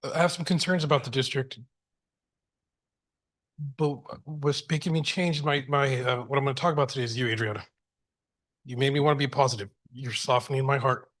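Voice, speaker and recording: Middle-aged man, school board trustee, earnest, heartfelt, halting restarts, middle-pitched voice. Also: steady tone, a bit bright. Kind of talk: board meeting remarks.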